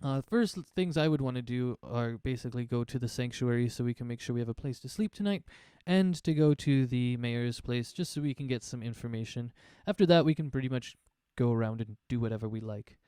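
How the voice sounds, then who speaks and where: Mellow-voiced man rambling through a game. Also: medium pitch, brisk, few pauses, clear, resonant tone, dry recording, clean studio sound. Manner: relaxed, rambling, many fillers. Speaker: tabletop game player. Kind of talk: casual online tabletop game chat. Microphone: online voice chat mic.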